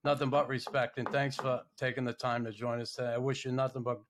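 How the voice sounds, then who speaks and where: A man's voice: medium pitch, level tone, quick pace, noisy background. Guy hosting a podcast, mid voice, swears a lot, keeps repeating how much he respects the guest. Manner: gushing, profane, repeats himself. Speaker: podcast host. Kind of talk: casual podcast chat.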